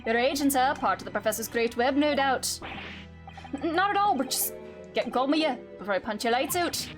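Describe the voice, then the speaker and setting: A woman voicing a gruff, burly Scottish prison governor who blusters and threatens in a thick put-on brogue. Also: very high voice, wildly swooping pitch, drawn-out words, music in the background, pitched above the performer's own voice, full character voice. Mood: threatening. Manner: blustering, hostile, rolling brogue.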